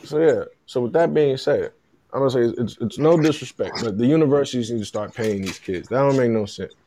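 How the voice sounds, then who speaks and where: A man in his thirties hosting a podcast, talking sports in a casual, animated and emphatic way, with frequent restarts and stammers. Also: mid-range voice, brisk, slight background noise. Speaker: podcast host.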